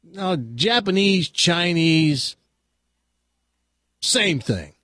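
A man's voice: sits high, lively intonation, extremely slow, pushed and bright, dry recording, studio quality, pitched above the performer's own voice, exaggerated voice. A man voicing an indignant drunk bar patron inside a joke he is telling on a radio show.

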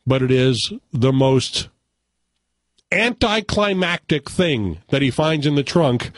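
A man hosting a radio chat, retelling and reviewing a movie in an animated, laughing way. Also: mid-range voice, slow pace, dry recording, clean studio sound. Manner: animated storyteller, laughs often. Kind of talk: casual chat.

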